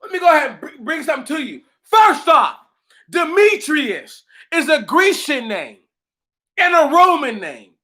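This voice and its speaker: A high-pitched man with a bright, cutting tone rants on his own channel. He is profane and confrontational, and he talks at an unhurried, drawn-out pace as he mocks the people in his comments. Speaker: channel host answering commenters. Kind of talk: heated livestream rant.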